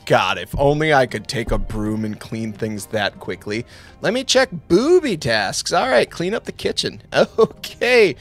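A man's voice: medium pitch, big pitch swings, a little slow, fairly bright tone, soft background music. A man hosting a let's play, commenting on a horror game from home, joking and jumpy, yelping and laughing at the scares.

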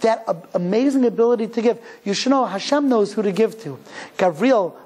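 Animated man telling stories in a high voice. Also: brisk. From United States. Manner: animated, acts out quoted dialogue. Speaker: rabbi lecturer. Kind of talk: storytelling lecture.

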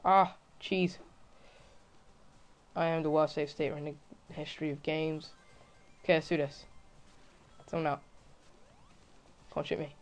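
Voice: mid-range voice, steady tone, unhurried, long pauses, faint music behind. A let's-play gamer giving casual commentary to themselves while playing, often groaning and crying out in frustration. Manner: talks to self, frequent exclamations and groans.

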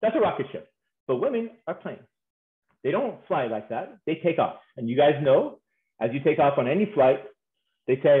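Playful male speaker, high voice, comic delivery; tinny, phone-like, echoey recording. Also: normal speed. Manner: animated, playful, acts out voices and laughs often. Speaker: speaker on marriage. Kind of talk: humorous conference talk.

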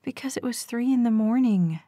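A woman's voice: a little high, normal speed, mellow, no echo, clean studio sound, pitched above the performer's own voice, natural voice. A woman voicing a tired, wry young woman. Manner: wry, laughing things off.

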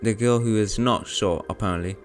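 A man's voice: lowish voice, brisk, faint music behind. A brash young man chatting and joking crudely with strangers in a virtual game world. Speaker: VR chat streamer. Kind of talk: casual chat with strangers in a game.

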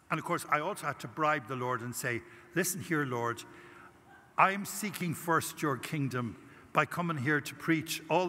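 A man's voice: mid-range voice, bright, forceful tone. An older Irish priest giving a conference talk, telling a personal story and acting out his prayers with animation. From Ireland. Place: large conference hall. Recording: long hall reverb.

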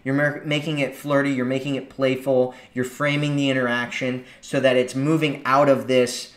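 A man's voice: mid-range voice, flat delivery, moderate pace, few pauses, echoey room. A man giving casual dating advice, chatty, often acting out quoted lines in a lifted voice. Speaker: dating coach. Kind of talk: casual advice talk to camera.

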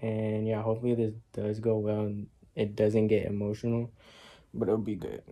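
A man's voice: lowish voice, little pitch movement, moderate pace, dark tone. A young man vlogging casually outdoors at night, nervous and emotional, with slangy chatty talk. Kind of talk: casual vlog. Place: outdoors at night near cars. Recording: noisy outdoor street ambience.

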